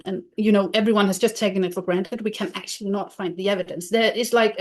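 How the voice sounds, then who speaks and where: Woman guest lecturer at a Q&A, mid pitch, careful and hedging. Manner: thoughtful, hedging, restarts sentences. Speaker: guest lecturer answering questions. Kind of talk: academic Q&A.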